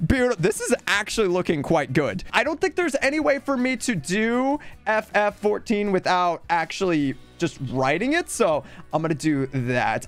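A man hosting a gaming video, chatting casually and narrating each stroke as he draws, with playful mock announcer bits. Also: on the high side. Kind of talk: casual commentary while drawing.

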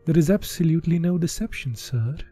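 A man voicing a tall, smooth-talking magic shopkeeper in a lower, soft, courteous tone. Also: animated, fairly quick, no echo, faint music behind. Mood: assured.

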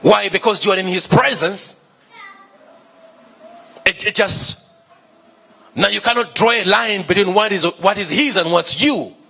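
A man's voice: sits high, unhurried, creaky, long pauses, sharp tone, breathy edge. A male pastor preaching a sermon, emphatic, repeating key phrases and asking the congregation questions.

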